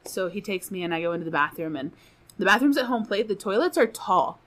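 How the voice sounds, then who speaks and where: A woman's voice: medium pitch, lively intonation, fast talker. A woman guest on a podcast telling a funny personal story in casual, profane chat, laughing often.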